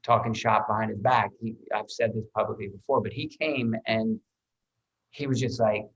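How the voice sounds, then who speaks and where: Lively storytelling actor, dull lo-fi sound. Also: male voice, lowish voice, moderate pace, gravelly. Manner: lively storyteller, swears freely, repeats words while restarting. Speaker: actor guest. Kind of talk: animated anecdote telling.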